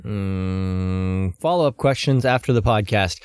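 A man hosting a casual podcast chat, playful and quick to laugh. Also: medium pitch. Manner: animated, laughs often, playful. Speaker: podcast host.

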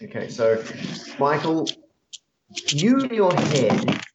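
A man's voice: on the high side, big pitch swings, slow pace, reverberant, muffled recording, noisy background. Chatty man running a tabletop game. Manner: chatty, hesitant, joking. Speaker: game master. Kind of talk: casual tabletop game narration.

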